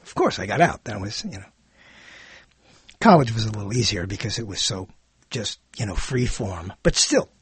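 A man giving a rambling spoken monologue, animated and digressive, often correcting himself mid-sentence. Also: lowish voice, normal speed, long pauses, breathy edge, no echo. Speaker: monologue speaker.

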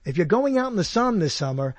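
A man's voice: sits high, sing-song, fast, breathy edge, no room sound. A man hosting a casual comedic chat, joking and rambling. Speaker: podcast host.

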